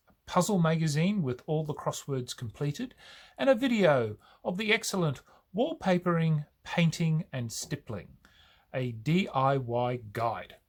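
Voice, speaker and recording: A man's voice: a little high, lively intonation, measured pace, voice pushed up. An Australian man voicing a pompous, officious male spaceship officer reciting regulations.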